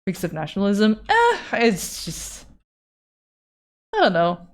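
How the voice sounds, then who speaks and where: A woman's voice: medium pitch, wildly swooping pitch, slow. A young adult woman streamer chatting casually and self-deprecatingly while drawing live, swearing now and then and reading chat aloud. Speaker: art streamer.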